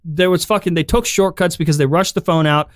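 A man's voice: on the high side, brisk, no room sound, studio quality. A man giving heated, profane opinions in a casual podcast chat. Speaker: podcast co-host.

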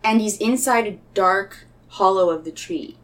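A woman in a casual chat, brainstorming a story in an animated way and acting out bits of it. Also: medium pitch, measured pace. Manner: animated, acts out lines with laughter.

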